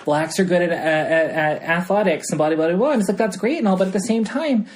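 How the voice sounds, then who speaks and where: A woman's voice: lowish voice, fast, a little mellow. A woman co-hosting a casual podcast, speaking bluntly and swearing freely. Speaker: podcast co-host.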